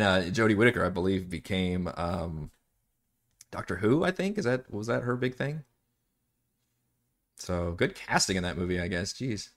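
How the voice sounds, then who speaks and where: A man's voice: on the low side, fairly bright tone. A man acting as dungeon master, chatting casually and rambling during live-streamed game prep, often laughing and swearing.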